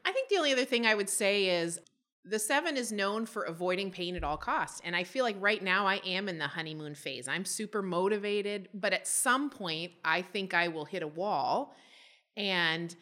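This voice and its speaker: A woman's voice: mid-range voice, normal speed, sharp tone. A woman guest on a podcast, speaking in an upbeat, earnest way. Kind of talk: casual podcast chat.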